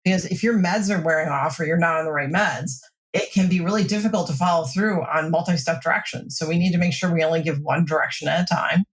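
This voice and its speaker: A woman mental health counselor giving steady, reassuring advice in a podcast interview. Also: on the low side, quick pace.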